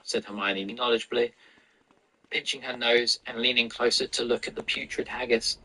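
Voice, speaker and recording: A man reading a novel aloud in a steady, even storytelling voice while playing a video game. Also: mid-range voice, normal speed, rough recording. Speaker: reader and gamer. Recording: game noise and sirens behind. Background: traffic and police sirens from a video game.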